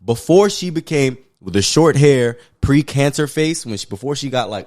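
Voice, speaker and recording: Animated, profane male podcast co-host. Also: medium pitch, unhurried, hardly any pauses. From Pacific Islands. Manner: animated, profane, emphatic love-hate rants. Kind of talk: casual movie review chat.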